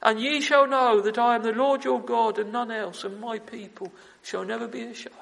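A man's voice: very high voice, fairly even intonation, normal speed, creaky, fairly bright tone, in a large hall, low-quality recording. A man preaching an evening sermon from the pulpit, fervent and full of biblical phrasing, calling his hearers "friends" again and again.

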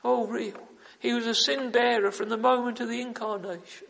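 A fervent male preacher with a very high, gravelly voice, repeating his phrases and breaking into impassioned "oh"s. His sermon rings with the long reverb of a large church hall. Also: steady tone, normal speed, fairly bright tone. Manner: fervent, repetitive, with emphatic "oh" exclamations.

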